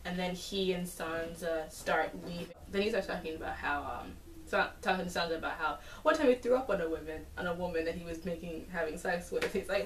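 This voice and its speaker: A woman chats through an episode recap, rambling with fillers and animated asides. Her voice sits on the lower side, and she sounds set back from the mic in a roomy space. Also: fairly quick, distant mic, slight background noise. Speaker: TV episode reviewer.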